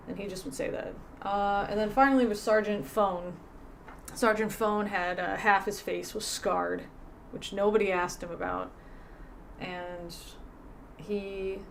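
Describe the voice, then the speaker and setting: A woman's voice: medium pitch, a little hiss or hum. A woman hosting a livestream, telling a conversational story with frequent restarts. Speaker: livestream host. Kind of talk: casual storytelling.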